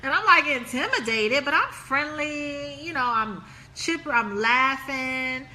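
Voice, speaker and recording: A woman's voice: high voice, a little slow, bright, forceful tone. A woman hosting a live relationship stream, chatting casually and laughing as she reads viewer comments aloud.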